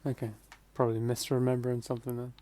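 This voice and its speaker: A man's voice: mid-range voice, monotone, fast, mellow. A man co-hosting a podcast, making dry, wry remarks in casual chat. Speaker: podcast co-host.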